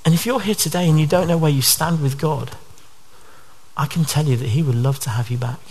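A man preaches a sermon with earnest conviction, his voice pitched slightly higher than a typical man's. He keeps pulling listeners in with rhetorical questions, speaking a little fast in a darkish, husky tone.

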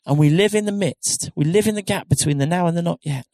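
Middle-aged male pastor, earnest, conversational preaching style, slightly high voice, dry close recording. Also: quick pace, a little mellow, no room sound. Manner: conversational, earnest, with frequent restarts and rhetorical questions. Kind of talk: sermon.

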